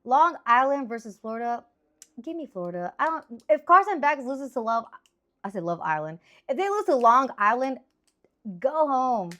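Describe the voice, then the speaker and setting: Woman, 30s, a bit high-pitched, casual sports-picks host: rambly, excitable, lots of exclamations. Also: moderate pace.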